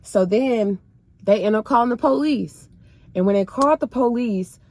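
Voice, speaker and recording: A woman's voice: a little high, normal speed, darkish tone. A woman sharing her personal faith testimony in casual, emotional storytelling, speaking straight to her viewers in a colloquial way.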